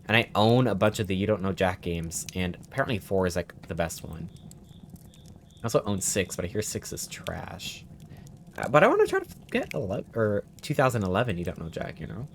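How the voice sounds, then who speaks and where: A man's voice: deep voice, very animated, fairly quick, slight background noise. A young man streaming a trivia game, chatting casually, often bewildered and poking fun at himself. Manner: bewildered, chatty, self-mocking. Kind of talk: casual live-stream commentary.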